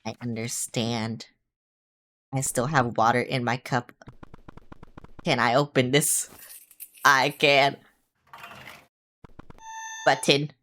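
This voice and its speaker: A woman streamer talking through her gameplay live, excitable and quick to panic, swearing casually as she plays. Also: a bass voice, slight background noise. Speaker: game streamer. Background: game music.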